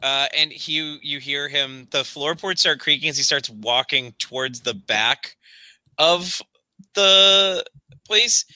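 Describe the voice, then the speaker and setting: Bright-voiced man running a horror game. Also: fairly high pitch, no echo. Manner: unhurried narration with frequent "uh". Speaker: game master. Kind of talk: narrating a tabletop horror game.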